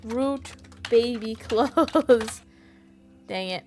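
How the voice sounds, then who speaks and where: A woman's voice: on the high side, extremely slow, a little mellow. A woman streaming a detective game, chatting with viewers, giggling and reading the game text aloud. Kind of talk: casual let's-play commentary. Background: faint background music.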